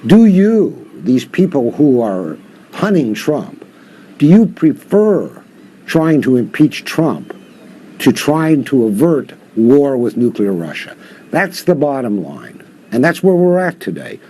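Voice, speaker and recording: A man's voice: medium pitch, big pitch swings, takes it slowly, dark tone, slight background noise. An older man, a professor guest, giving impassioned interview commentary full of rhetorical questions.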